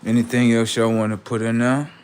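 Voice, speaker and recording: A man's voice: medium pitch, little pitch movement, fairly quick, darkish tone, slight background noise. A man hosting a livestream in a rambling, slangy monologue, often murmuring asides to his viewers. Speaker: livestream host.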